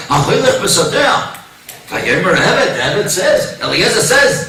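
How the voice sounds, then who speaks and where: Rabbi guy preaching in a big echoey shul, bright voice, acts out the quotes, mic kinda far off. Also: high-pitched, sing-song, a little slow, faint music behind. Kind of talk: lecture to a synagogue audience. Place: synagogue hall. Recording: echoey hall, mic at a distance.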